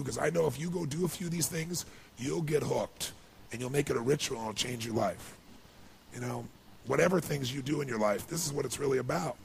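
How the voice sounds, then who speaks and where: Gravelly man telling an emotional story. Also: medium pitch, a little hiss or hum. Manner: emotional, rising to excited passion. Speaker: motivational speaker. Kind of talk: motivational storytelling speech.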